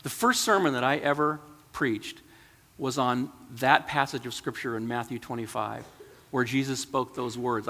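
A man's voice: mid-range voice, fairly bright tone. A man reading a children's story aloud and reflecting on it in an earnest, emotional way. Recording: long hall reverb.

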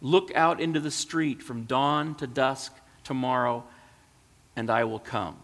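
A man voicing a calm, mysterious divine voice that speaks solemnly. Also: mid-range voice, a little slow, big-room sound.

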